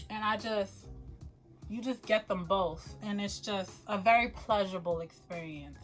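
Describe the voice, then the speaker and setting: A woman talking casually to the camera as a perfume vlogger, animated and quick to laugh, often calling her viewers y'all. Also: mid-range voice, low-quality recording.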